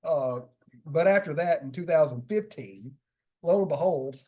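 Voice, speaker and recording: A man's voice: fairly high pitch, expressive, a little slow, mellow. Laughing laid-back man telling stories. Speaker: podcast host. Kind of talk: casual porch chat.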